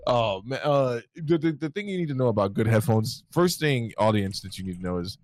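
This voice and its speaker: A man's voice: medium pitch, expressive, fairly quick. A man co-hosting a podcast in casual chat, rambling and laughing often while speaking into a headset. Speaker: podcast co-host.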